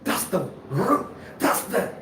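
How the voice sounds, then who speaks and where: Slow, rambling man on a live stream. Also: high voice, sing-song, recorded from a distance. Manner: halting, repeats himself, laughs often. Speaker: livestream host. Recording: echoey room, off-mic, noisy ambience.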